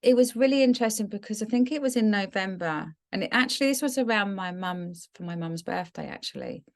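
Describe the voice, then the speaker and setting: Speaking a little fast in a mid-range voice, a middle-aged woman from England shares a heartfelt personal story as a podcast co-host. The chat is casual and her warm storytelling becomes emotional.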